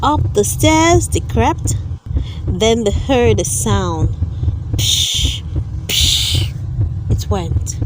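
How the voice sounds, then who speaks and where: Slow, expressive woman reading a children's story. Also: high voice, noisy background. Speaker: storybook reader. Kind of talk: children's read-aloud narration. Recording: read-aloud with loud background music.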